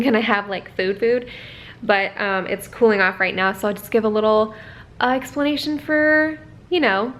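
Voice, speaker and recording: Chatty young woman with a bright, higher voice. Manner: chatty, rambling, with frequent laughs and self-corrections; coos in a high voice when talking to her dogs. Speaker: vlogger and author. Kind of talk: casual vlog talk. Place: at home.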